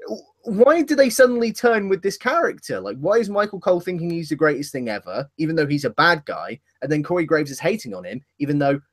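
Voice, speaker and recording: A man's voice: on the high side, very animated, fast. A man co-hosting a casual wrestling podcast, talking in a rambling way and correcting himself as he goes. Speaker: podcast co-host.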